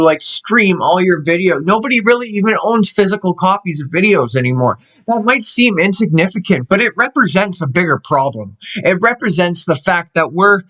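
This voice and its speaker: High-voiced Canadian man ranting. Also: fairly bright tone. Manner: emphatic, profane, rambling with restarts. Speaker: channel host. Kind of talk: unscripted rant to camera.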